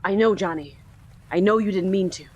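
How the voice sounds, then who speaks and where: A woman doing a calm low detective. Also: a little fast, slightly rough, natural voice. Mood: gentle. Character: steady male detective talking someone down. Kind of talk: reading game dialogue aloud.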